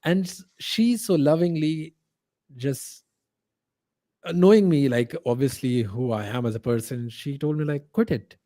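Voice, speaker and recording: A man from India, a podcast guest telling a personal story in a halting way, full of fillers and restarts. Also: mid-range voice, dark tone, no room sound.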